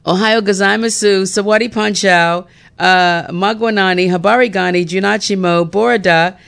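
A woman hosting a morning radio show, talking in a loose, chatty way. She laughs often at her own stories. Her voice is smooth and clear, at a middling pitch, and she speaks into a studio microphone. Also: steady tone, moderate pace, fairly bright tone. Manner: bubbly, laughs often at herself. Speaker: radio host.

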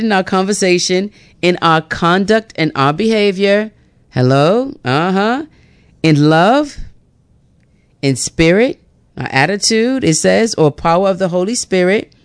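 Female radio gospel host, young adult, animated and chatty, smooth clear voice, dry studio mic. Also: medium pitch, dry recording. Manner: lively, laughs often, acts out talks with God. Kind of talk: casual on-air chat with scripture reading. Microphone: studio microphone.

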